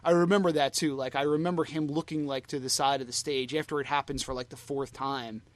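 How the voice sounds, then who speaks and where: A man's voice: mid-range voice, fairly even intonation, a little fast, no echo. A man co-hosting a fan podcast, chatting casually and rambling with lots of "you know" and "like" fillers. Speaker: podcast co-host.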